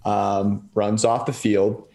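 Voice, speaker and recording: A man co-hosting a podcast in relaxed casual chat, asking his partner questions. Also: on the low side, slow, creaky. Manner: relaxed, conversational, asks questions. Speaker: podcast co-host.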